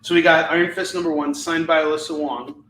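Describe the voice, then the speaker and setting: A man hosting a live comic-selling stream, animated and ranting, often breaking into laughter. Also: on the high side, fairly quick, distant mic, slight background noise. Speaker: live shopping show host selling comics. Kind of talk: live-stream sales chat and rant. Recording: echoey room.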